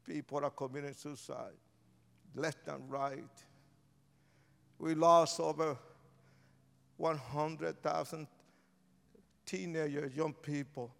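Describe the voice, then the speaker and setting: A man preaches an altar-call sermon in a large church, his voice pitched a little high and ringing with resonance. He swings from shouted declarations to hushed, pleading lines. Each phrase trails into the long reverb of a big hall. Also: steady tone, takes it slowly, creaky, pauses often.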